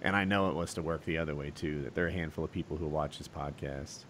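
A man's voice: extremely low pitch, fairly even intonation, fast talker, a little hiss or hum. A middle-aged man co-hosting a podcast in casual chat, blunt and profane. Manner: blunt and profane, swinging between loud and quiet. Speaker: podcast co-host.

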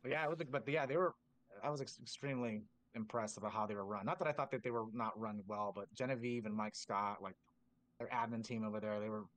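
A drumline instructor tells stories casually on a podcast, his voice fairly low and his pace quick in a dry recording. He's animated, fills his speech with filler words, and acts out quoted dialogue in a raised voice.

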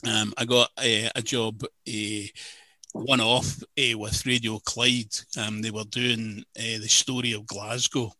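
A man's voice: lowish voice, flat delivery, slow, bright, forceful tone, no echo. An older man with a Glaswegian accent, a radio presenter chatting and telling anecdotes in an interview. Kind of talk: casual conversation.

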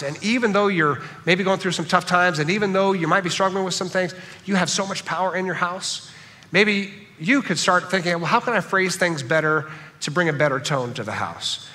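A man's voice: a little high, bright, forceful tone, long reverb tail. A man preaching a sermon, earnest and repeating key phrases for emphasis, with a lingering dry cough. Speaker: pastor.

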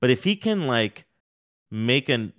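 A man co-hosting a podcast, talking in a rambling, animated, casual way with many fillers. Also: mid-range voice, measured pace. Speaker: podcast co-host. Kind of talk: casual sports chat.

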